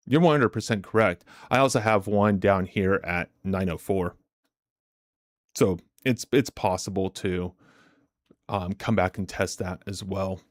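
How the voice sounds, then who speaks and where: A male host of a trading live-stream gives casual, chatty commentary in a lowish voice, with a dry, close sound and no room sound. An animated storyteller, he often repeats words and restarts his sentences.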